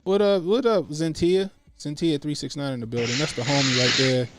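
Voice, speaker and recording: Animated man, dry close mic. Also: a little high, brisk, no echo. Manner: animated, profane, acts out quotes. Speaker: host. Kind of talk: casual livestream commentary.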